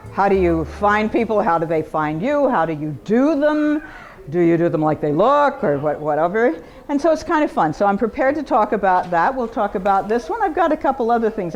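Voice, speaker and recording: Chatty, animated woman giving a gallery talk. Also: slight background noise. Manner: chatty and animated, with big pitch swings for emphasis. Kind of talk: informal gallery talk to a live audience. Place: art gallery, indoors.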